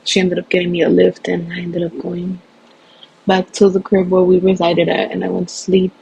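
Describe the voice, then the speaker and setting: A woman telling her own story in an emotional, animated way, acting out the voices of others. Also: fairly low pitch, moderate pace, gravelly, lo-fi sound, slight background noise. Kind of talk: personal storytelling.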